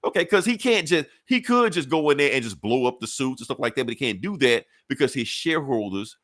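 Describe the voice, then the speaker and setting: A man hosting a podcast, recapping a comic book in a casual, profane, animated way. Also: mid-range voice, brisk, dry recording. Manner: profane, animated storyteller, slips into characters. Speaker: podcast host.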